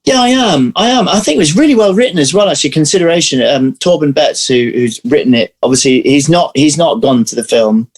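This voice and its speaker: A man being interviewed as an actor, telling lively anecdotes in casual chat over a video call. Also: on the high side, brisk, few pauses, rough recording. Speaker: actor guest.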